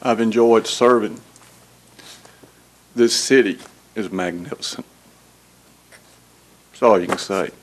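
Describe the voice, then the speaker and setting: Older man, low voice, slow and halting, emotional farewell speech at a council meeting. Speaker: retiring alderman. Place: city council chamber.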